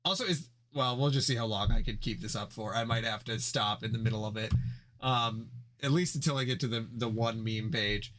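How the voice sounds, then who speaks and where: Casual guy commenting on a comic, amused, laid-back, mid-pitched voice. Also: a little fast, a bit bright. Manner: amused, laughing asides. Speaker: YouTuber reading a comic aloud. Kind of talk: casual chat.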